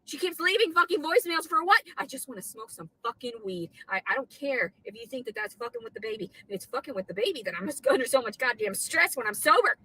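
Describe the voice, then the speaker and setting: A woman's voice: high voice, sing-song, quick pace, few pauses, pushed and bright, husky, rough recording. A woman ranting furiously and swearing, recorded outdoors in a clip. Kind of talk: angry ranting video clip. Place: outdoors outside a store.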